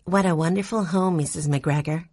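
Woman doing a soft-spoken shy girl. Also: on the low side, moderate pace, slightly rough, dry recording, studio quality. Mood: sweet. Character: shy gentle young girl.

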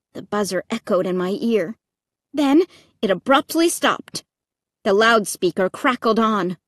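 A woman narrating a first-person audiobook in a dramatic, expressive reading that breaks into shrieks. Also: medium pitch, measured pace, no echo, studio quality.

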